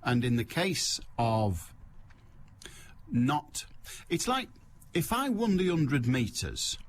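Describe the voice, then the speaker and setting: A man's voice: medium pitch, very animated, drawn-out words, a little hiss or hum. A man hosting a call-in radio show, chatting in a wry, rambling way full of joking asides. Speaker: radio phone-in host.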